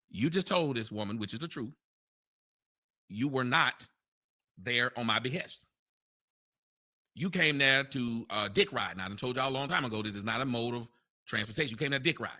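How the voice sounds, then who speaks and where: A man hosting an online audio chat, ranting loudly in a mocking, incredulous way. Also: mid-range voice. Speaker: show host. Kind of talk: heated online audio rant.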